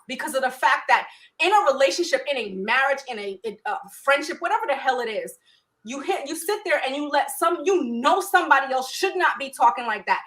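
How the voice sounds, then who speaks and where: A woman's voice: high-pitched, pushed and bright, low-quality recording. A woman co-hosting a podcast with her husband, talking bluntly and heatedly in casual chat. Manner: blunt, heated, plain-spoken. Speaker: podcast co-host.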